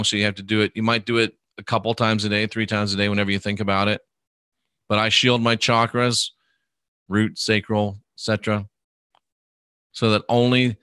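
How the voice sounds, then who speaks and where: Bright, dry-voiced male podcast host. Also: on the low side, dry recording. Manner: unhurried, conversational, answers viewer questions aloud, drifting quiet at phrase ends. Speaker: podcast host reading live comments. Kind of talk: casual live podcast chat.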